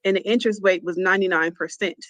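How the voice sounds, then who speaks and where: A woman's voice: fairly low pitch, steady tone, fast talker, fairly bright tone, no echo. A woman co-hosting a casual chat who cuts in eagerly with questions and her own story.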